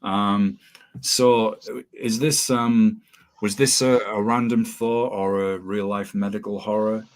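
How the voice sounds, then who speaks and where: Really low-voiced guy hosting a metal podcast, lots of ums and restarts, chatting on a video call. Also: steady tone, slow pace. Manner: rambling, with many ums and restarts. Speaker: podcast host. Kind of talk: casual interview chat.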